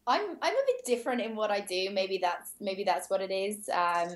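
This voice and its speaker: A woman's voice: mid-range voice, sing-song, moderate pace, reverberant. A woman in her thirties from the UK, with a British accent tinged with Australian, talking about her fitness work as an interview guest in an enthusiastic way. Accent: British with some Australian. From United Kingdom. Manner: enthusiastic, frequent fillers. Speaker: guest, personal trainer. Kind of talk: casual interview.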